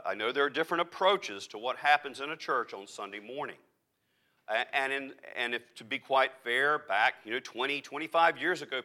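Bright-voiced emphatic male preacher. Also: mid-range voice. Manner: emphatic preaching with dramatic pauses and restarts. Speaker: pastor. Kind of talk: sermon. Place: church.

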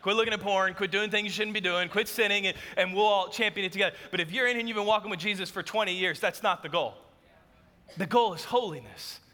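A man preaching a sermon to a church, telling a lively story about his home. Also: sits high, big-room sound. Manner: animated storytelling, acts out his wife's voice. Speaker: pastor. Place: church auditorium.

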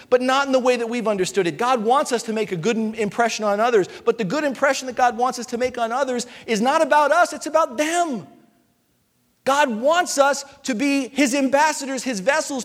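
A man preaching a sermon as pastor, passionate and repetitive, swinging between loud appeals and hushed, soft passages. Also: very high voice, long reverb tail. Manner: impassioned, repetitive preaching with rising and falling intensity.

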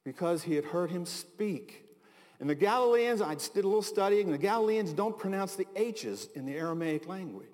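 Middle-aged American male pastor, high voice, casual storytelling sermon, hall reverb. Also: animated, normal speed, a little mellow. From United States. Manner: conversational storytelling with asides and chuckles. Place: large hall.

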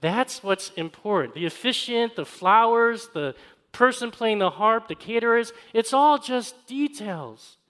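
A man with a high, light voice delivers a sermon. He tells a personal story in an easygoing, conversational way, then swells with emphasis on his key points. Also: fairly bright tone. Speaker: pastor.

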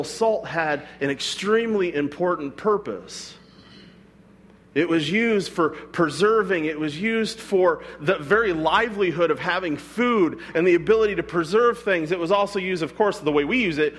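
A man's voice: high-pitched, expressive, normal speed. A man, a pastor, preaching a sermon in a conversational way, with frequent rhetorical asides to his congregation.

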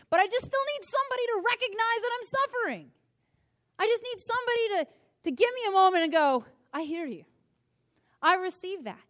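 Woman pastor, high voice, animated sermon, emphatic, drawn-out key phrases.

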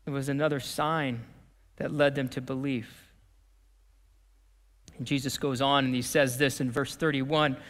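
A man preaching a sermon as pastor, talking in a conversational way that swings from lively to hushed. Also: mid-range voice, unhurried, pauses often. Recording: long reverb of a church hall.

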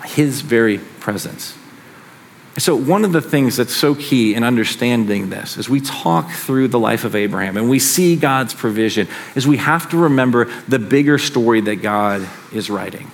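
A man's voice: mid-range voice, animated, normal speed, gravelly. Conversational male pastor preaching. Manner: conversational, with asides and restarts. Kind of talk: sermon.

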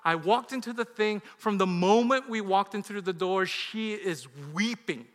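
A pastor in his thirties tells a personal story from the pulpit, his fairly high, bright voice ringing out across a large hall with a long trailing echo. He swings between loud bursts and quiet, confessional moments. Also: moderate pace. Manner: confessional storytelling that swings from loud outbursts to hushed, low lines. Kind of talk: sermon storytelling.

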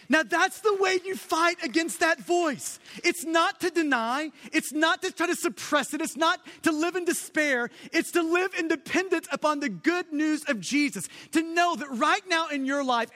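A man's voice: very high-pitched, expressive, normal speed, few pauses, sharp tone. A man preaching a sermon with emphasis, building lists of repeated phrases. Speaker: pastor. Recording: long hall reverb.

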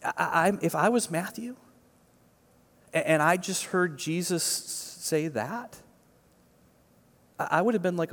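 A man's voice: a little high, lively intonation, a little slow, long pauses, fairly bright tone. A male pastor giving a conversational sermon, emphatic, with repeated words and frequent "right?" asides. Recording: long reverb of a large hall.

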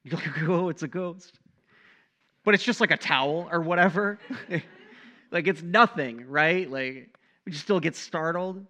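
A young male pastor delivers his sermon in a casual, animated way, peppering it with "right?" asides. His voice sits a little high and rings bright and forward. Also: moderate pace. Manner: animated, conversational preaching with frequent "right?" asides.

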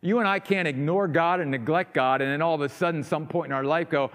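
A man preaching a sermon, rising to loud emphatic peaks and dropping to quiet asides. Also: fairly high pitch, fast. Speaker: pastor. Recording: long hall reverb.

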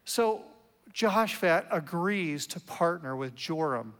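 A man with a high, light voice preaches a sermon, animated and conversational, slipping in playful asides. His words ring out with a long reverb, as if in a big hall. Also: normal speed. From United States. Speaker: pastor.

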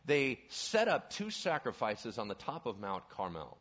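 Animated preacher man, lo-fi recording. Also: medium pitch, a little slow. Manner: animated, asks the audience questions. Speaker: pastor. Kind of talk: sermon. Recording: dull lo-fi recording.

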